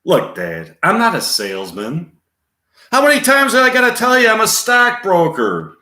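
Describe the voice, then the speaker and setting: A man's voice: high voice, wildly swooping pitch, normal speed, sharp tone, pitched above the performer's own voice, exaggerated voice. A man putting on an exasperated young stockbroker who is complaining to his father in a rising, irritated voice. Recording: roomy echo.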